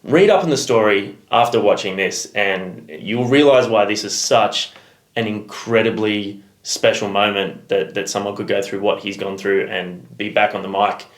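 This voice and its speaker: A man's voice: fairly low pitch, normal speed. An Australian man co-hosting a music reaction video, chatting casually and swearing freely. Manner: laid-back, swears casually. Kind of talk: casual chat. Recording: roomy echo.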